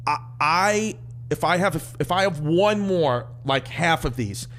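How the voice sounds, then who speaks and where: A podcast guest comedian with a New York accent and a slightly high voice tells raunchy stories at an unhurried pace, acting out the characters with crude, animated energy. A little hiss or hum runs under the recording.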